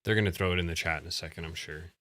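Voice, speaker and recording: Low-voiced man chatting on a live stream. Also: racing, bright, forceful tone, no echo. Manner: chatty, self-deprecating, thinks aloud. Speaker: co-host. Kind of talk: casual live-stream chat.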